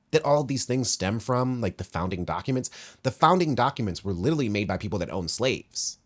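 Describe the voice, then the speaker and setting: A man delivering video essay commentary, impassioned and blunt, with sudden emphatic rises and long read-aloud passages. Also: lowish voice.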